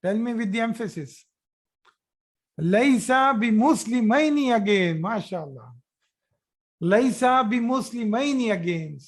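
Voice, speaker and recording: A man's voice: very high-pitched, animated, a little slow, pauses often. A man teaching a grammar class online, repeating each phrase and praising students' answers. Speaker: Arabic teacher.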